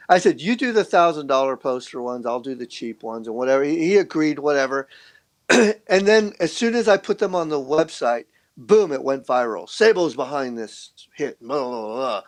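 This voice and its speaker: A man guesting on a podcast, telling a story in casual, profane talk, full of restarts and acted-out quotes of other people. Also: a little high. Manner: profane, rambling, with repeated restarts. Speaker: podcast guest, street artist.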